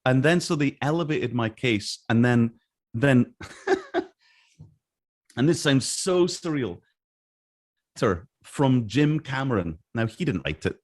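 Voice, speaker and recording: A middle-aged man recounting his career in a relaxed interview. He talks with lively energy and slips into the voices of the people he quotes. His voice sits at an ordinary middle pitch. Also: slow pace, pauses often. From Scotland. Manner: animated, acts out quoted voices. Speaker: interview guest. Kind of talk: casual storytelling.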